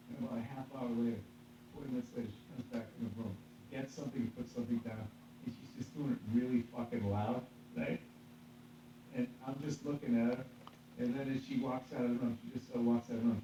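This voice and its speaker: A man, a stand-up comedian, telling a story in casual podcast chat, cursing freely, laughing and acting out the voices of the people he quotes. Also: mid-range voice. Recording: echoey, distant, dull with faint hum.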